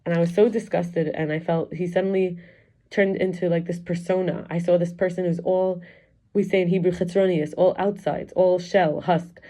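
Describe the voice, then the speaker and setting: Low, mellow-voiced woman musing candidly. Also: fairly even intonation, moderate pace. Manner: candid, rambling, confessional. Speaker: wellness coach and teacher. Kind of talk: personal reflective vlog.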